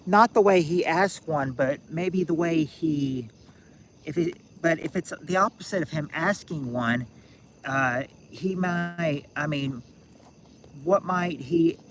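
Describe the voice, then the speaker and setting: A man's voice: fairly high pitch, slow pace, a little hiss or hum. A man of about sixty hosting a game-night stream, rambling and thinking aloud with many restarts. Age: 60s. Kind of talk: casual live-stream chat.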